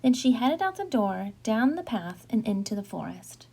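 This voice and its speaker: A woman teacher narrating a children's storybook aloud with expressive, dramatic storytelling. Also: on the high side, normal speed, gravelly, husky.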